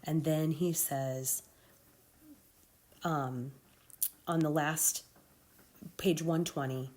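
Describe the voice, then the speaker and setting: A woman with a notably low voice teaching a recorded literature lesson. She talks casually to her students and keeps checking in with a quick "okay?" between points. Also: darkish tone.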